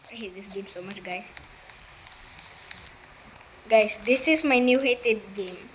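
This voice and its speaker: A woman's voice: mid-range voice, slow pace, background noise. A woman giving casual commentary on her own gameplay. She talks straight to her viewers, breaks out in laughter and exclamations, and uses loose, broken grammar. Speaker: gamer narrating her own play.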